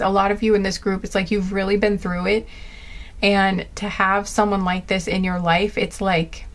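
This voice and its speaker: Woman, tarot reader, casual reading, rambling, gushing, tender. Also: mid-range voice. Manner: rambling, with many fillers and restarts.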